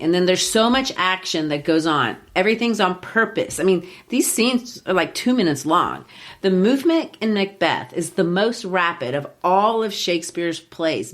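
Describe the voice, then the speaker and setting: A woman hosting a literature podcast and explaining in a lively, teacherly way, with frequent "you know.". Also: lowish voice.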